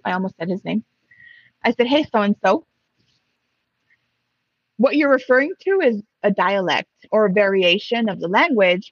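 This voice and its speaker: Husky woman telling a story with flair. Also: mid-range voice, no room sound, dull audio. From Mexico. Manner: animated, acts out both sides of a dialogue. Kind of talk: casual storytelling.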